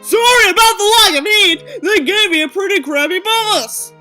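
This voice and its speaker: A woman voicing a loud, friendly male school bus driver who shouts. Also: very high-pitched, lively intonation, drawn-out words, soft background music, exaggerated voice. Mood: shouting.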